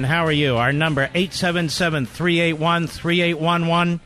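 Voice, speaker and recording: A man hosting a talk radio show in a studio, insulting his targets in a ranting, combative monologue that climbs toward shouting. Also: fairly high pitch, steady tone, moderate pace, few pauses, faint music behind. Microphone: studio microphone.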